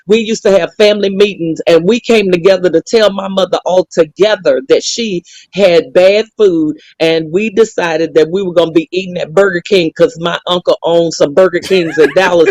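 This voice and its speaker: A woman's voice: mid-range voice, dry recording. A woman guest on a talk show, telling family stories in a playful way and laughing often between sentences. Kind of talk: casual chat.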